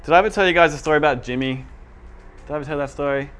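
A man's voice: fairly high pitch, very fast, a bit bright, smooth. A man giving a casual, chatty teaching talk in a church room, often asking the audience whether they follow. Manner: chatty and informal, asks the audience for agreement.

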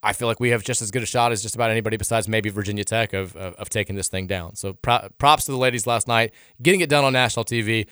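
A man's voice: lowish voice, fast talker, hardly any pauses, fairly bright tone, clean tone, dry recording, clean studio sound. A man hosting a sports radio show in casual talk, blunt and opinionated, often stumbling and restarting his sentences. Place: radio studio.

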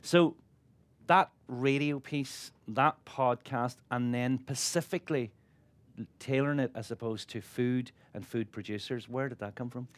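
A man's voice: medium pitch, steady tone, a little slow, no room sound. A man interviewing a guest on stage, upbeat and teasing. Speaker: chef and broadcaster interviewing on stage. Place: stage at an awards event.

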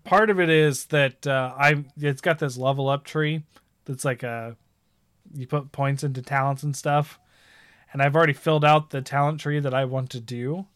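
A man chatting casually about games, rambling and animated as he tells stories. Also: mid-range voice, moderate pace, clear, resonant tone, no room sound. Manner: rambling, animated storytelling with laughs.

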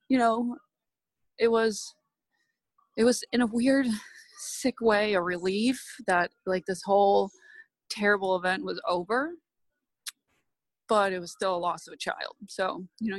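A woman's voice: medium pitch, no room sound, rough recording. A woman in her thirties candidly telling a painful personal story, tearful at times, recorded at an airport. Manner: candid, emotional, laughs through tears.

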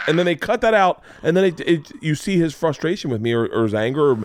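A man in his forties hosting a podcast, telling a long story in a rambling, animated way and acting out the quotes. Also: a little high, quick pace, hardly any pauses, a little hiss or hum. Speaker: podcast host. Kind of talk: casual storytelling chat.

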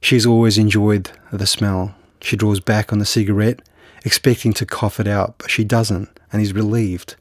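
Halting, low-voiced novelist in interview. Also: male voice, little pitch movement, dry recording, clean studio sound. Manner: hesitant, halting with restarts and fillers. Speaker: novelist guest. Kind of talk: conversational interview and book reading.

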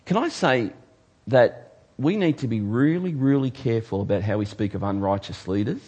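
A man's voice: mid-range voice, moderate pace, slightly rough. Emphatic male preacher. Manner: emphatic, swinging from loud to hushed. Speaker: pastor. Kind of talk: sermon.

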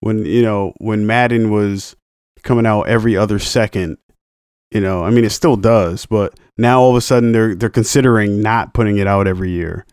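Casting: young man, low voice, dry close sound, argumentative podcast co-host who keeps cursing. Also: steady tone, moderate pace, darkish tone, clear, resonant tone, no echo. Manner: argumentative, stubborn, swearing. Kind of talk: casual chat.

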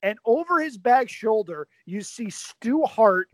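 A man's voice: high voice, lively intonation, unhurried, dry recording. A man in casual conversation, telling stories enthusiastically and at length. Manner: enthusiastic, talkative storyteller. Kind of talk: casual chat.

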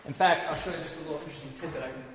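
A man teaching an adult Sunday school class, explaining slowly and leading the group in reading aloud. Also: on the high side, fairly even intonation, dull audio, slight background noise. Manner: explanatory, leads group readings, pauses with fillers. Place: church classroom. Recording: echoey roomy recording from a distance.

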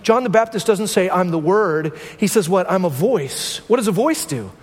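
High-voiced man preaching in a reverberant hall. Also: lively intonation, normal speed. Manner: conversational preaching, frequent rhetorical "right?". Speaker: pastor. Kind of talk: sermon. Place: church sanctuary.

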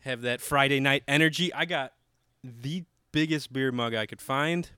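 A man's voice: mid-range voice, normal speed, bright, forceful tone, clean tone, no echo, clean studio sound. A young man hosting a podcast, bantering casually with fillers and swearing. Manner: joking, profane, loose with fillers. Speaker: podcast host.

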